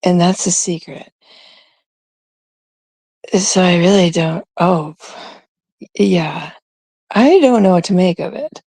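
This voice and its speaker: A woman from Canada chats on her own stream at an unhurried pace. Her voice has a gravelly fry and a husky edge. She rambles in a gossipy, confiding way over a dry, close sound. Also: fairly low pitch, dark tone, dry recording. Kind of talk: casual livestream chat.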